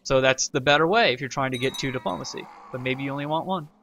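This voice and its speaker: A man's voice: medium pitch, fast talker, fairly bright tone, a little hiss or hum. A man hosting a casual let's play tutorial, rambling and self-correcting as he reads the game's event text aloud. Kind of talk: casual gameplay tutorial commentary.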